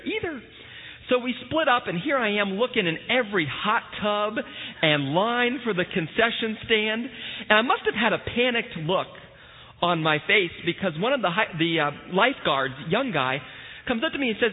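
A male pastor preaching a sermon in a church, telling a story with lively energy and the occasional "uh.". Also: sits high, slightly rough. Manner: storytelling, animated, with frequent filler "uh". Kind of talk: sermon with scripture reading. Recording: tinny phone-like sound in a reverberant hall.

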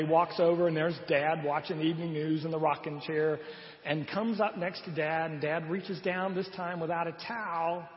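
High-voiced male pastor in an echoey hall. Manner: storytelling, animated, trailing off softly at ends of points. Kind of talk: sermon. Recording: dull, echoey hall sound.

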